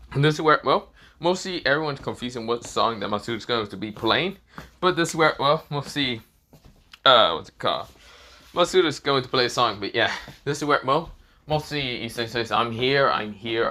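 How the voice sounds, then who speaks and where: A young man narrating an improvised fan story off the cuff, rambling and casual, swearing freely. His voice is bright and clear, and he keeps circling back on the same filler phrases. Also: medium pitch. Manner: rambling, casual, swears, repeats "this is where, well".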